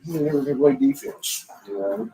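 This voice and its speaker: A man's voice: fairly high pitch, level tone, moderate pace, warm tone. Guy saying yeah a lot then talking hoops, sits kinda far from the mic. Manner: lots of yeahs, backchannel agreement. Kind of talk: casual sports chat.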